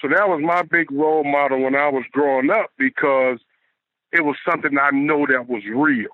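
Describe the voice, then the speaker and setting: A man's voice: fairly high pitch, moderate pace, no room sound. Laid-back man on a dull line. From Detroit, USA. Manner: laid-back, folksy, repeats himself. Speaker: guest, former football player. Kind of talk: casual interview chat.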